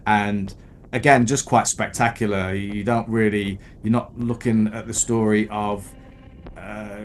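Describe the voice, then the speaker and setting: Brief: laid-back male co-host, lowish voice, faint rumble in the recording. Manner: relaxed, hesitant with frequent "uh" and "um". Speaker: podcast co-host. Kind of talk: casual film chat.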